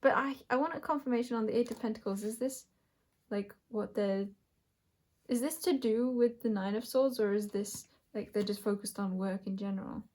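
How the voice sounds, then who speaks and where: A woman doing a pick-a-pile tarot reading, speaking in a searching way, often correcting herself and thinking aloud with soft laughs. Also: on the high side, moderate pace. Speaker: tarot reader. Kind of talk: intuitive tarot reading to camera.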